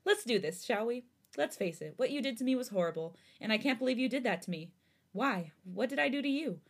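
A woman's voice: fairly high pitch, expressive, fairly quick, pitched above the performer's own voice. A woman reading aloud as a young man who angrily accuses his ex of cheating, bitter and hurt. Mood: hurt, accusing.

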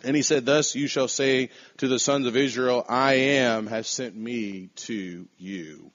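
A man preaching a sermon to a congregation in measured, emphatic phrases, slowing down to stress key words. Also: lowish voice, fairly bright tone. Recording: dull lo-fi sound.

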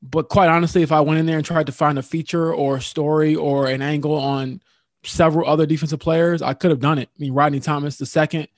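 A man recounting locker-room interviews as a sports reporter, in casual podcast talk with an animated storytelling manner. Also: a little high, fast talker, no room sound, studio quality.

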